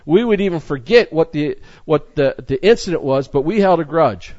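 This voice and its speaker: A man's voice: on the high side, expressive, moderate pace, a little mellow, no room sound, muffled recording. A man preaching a sermon, reading scripture aloud in an earnest way with frequent restarts. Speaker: pastor.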